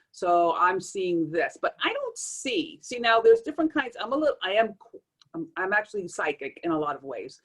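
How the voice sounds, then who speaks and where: A woman's voice: fairly low pitch, breathy edge. A woman being interviewed as a tarot reader, explaining how readings work and acting out little exchanges as she goes. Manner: animated, acts out readings in quoted asides.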